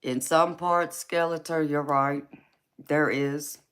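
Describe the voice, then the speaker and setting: A woman's voice: sits low, fairly even intonation, slow pace, a bit bright, clean tone. A woman with a Southern US accent hosting a casual live stream, laughing often and calling her viewers baby and honey. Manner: laid-back, giggly, calls viewers baby and honey. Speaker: tarot reader and livestream host.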